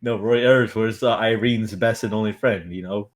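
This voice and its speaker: A man's voice: fairly low pitch, steady tone, moderate pace. A man reading a novel aloud on a stream in a casual way, with stumbles, restarts and stifled laughs.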